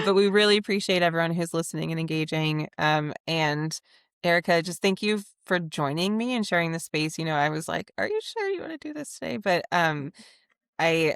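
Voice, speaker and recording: A woman hosting a livestream discussion. She speaks gently and affirmingly, often agreeing with her guest. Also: low-pitched, creaky, clear, resonant tone, dry recording, clean studio sound. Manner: gentle, affirming, frequent backchannels. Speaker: host.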